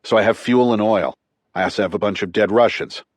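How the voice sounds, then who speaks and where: A man's voice: fairly low pitch, a little fast, no room sound, close to an everyday voice. A man voicing a tough former military man who talks in clipped, urgent, profane bursts. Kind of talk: audiobook character reading.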